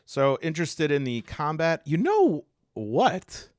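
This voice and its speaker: A man rambles through an unboxing, his pitch leaping up and down as he grows exasperated. He restarts his sentences often and talks casually, straight to the viewer. The sound is dry and close, with no room echo. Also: wildly swooping pitch, slow. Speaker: tabletop game reviewer.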